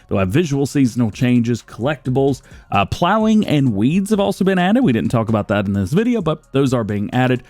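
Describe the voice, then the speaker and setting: A man's voice: mid-range voice, a little mellow, no room sound. A man running through game news for his channel's viewers in a chatty, upbeat way. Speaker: gaming YouTuber. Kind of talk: scripted game news rundown.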